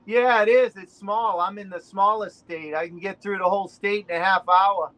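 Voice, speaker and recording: A man's voice: high voice, steady tone, moderate pace, fairly bright tone, low-quality recording. A man with a Boston accent, chatting as a guest on a video call, rambling with plenty of fillers. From Rhode Island. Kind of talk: casual chat on a video call.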